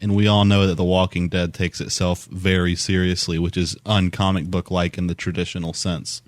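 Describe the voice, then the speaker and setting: A man speaking as a podcast guest in casual chat, measured and matter-of-fact. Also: deep voice, level tone, no room sound.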